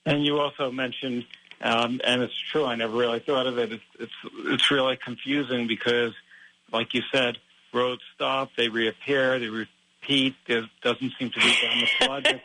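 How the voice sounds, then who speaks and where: A man hosting an interview who asks questions hesitantly, with many pauses and fillers. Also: medium pitch, pushed and bright, a little hiss or hum, poor audio. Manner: hesitant, full of ums and uhs. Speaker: interviewer and host.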